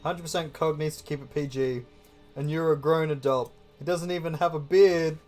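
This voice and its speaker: A man's voice: on the high side, steady tone, normal speed, a little mellow, faint music behind. A man from Australia and England streaming a game live, joking in loose banter. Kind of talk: casual live-stream chat.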